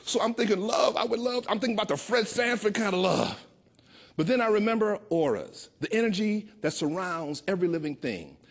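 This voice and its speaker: A man in his sixties from Chicago, telling a personal story with a playful, expressive delivery that slows down for emphasis. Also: high-pitched. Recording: dull lo-fi recording.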